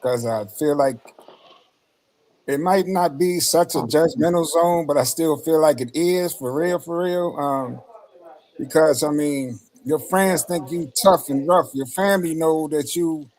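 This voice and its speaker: A man's voice: on the high side, unhurried, a little mellow, rough recording. A man talking casually in a panel discussion, laid-back and slangy, often checking in with the listener. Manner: laid-back, slangy, repeats "you know what I'm saying". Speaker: panel guest.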